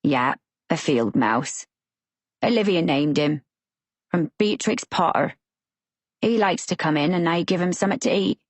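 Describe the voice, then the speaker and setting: A woman voicing a big, simple man with a thick West Country accent who talks slowly and plainly. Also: fairly low pitch, expressive, no room sound. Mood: easygoing. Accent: West Country English. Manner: slow, plain, rustic speech.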